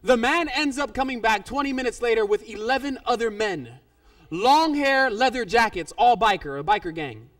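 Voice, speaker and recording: A male pastor telling a story in a sermon, animated, with his loudness rising and falling. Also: very high-pitched, normal speed, distant mic.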